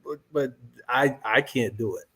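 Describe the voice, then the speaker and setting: Male panel guest, mid-pitched, emphatic and firm, quick to laugh. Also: fairly bright tone. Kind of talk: casual panel chat.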